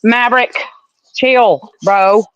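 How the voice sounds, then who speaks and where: A woman's voice: fairly high pitch, slow pace, clear, resonant tone, no echo, dull audio. Salty Southern woman chatting on a livestream. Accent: Southern US (Alabama). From Alabama, US. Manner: chatty, blunt and salty, calls people honey. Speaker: livestream host. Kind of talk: casual livestream chat with viewers.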